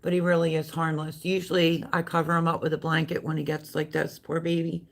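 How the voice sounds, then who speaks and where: A woman's voice: sits low, little pitch movement, a little fast, vocal fry. A middle-aged woman chatting casually on her live stream, rambling about the dogs around her and cooing baby talk at them.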